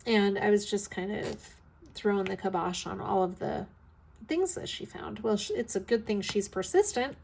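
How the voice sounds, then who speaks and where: A woman's voice: mid-range voice, moderate pace, vocal fry, a little mellow, slightly rough. Tired, chatty woman in her fifties. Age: 50s. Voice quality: scratchy throat. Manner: rambling, chatty, with frequent ums and yawns. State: tired, yawning. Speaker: vlog host. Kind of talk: casual chat while crafting.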